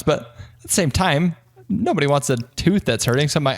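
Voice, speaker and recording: A young man co-hosting a podcast in casual chat, telling a story with lively voices for each side. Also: fairly quick. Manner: animated storyteller, acts out both sides with big pitch jumps. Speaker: podcast co-host. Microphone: desk podcast mic.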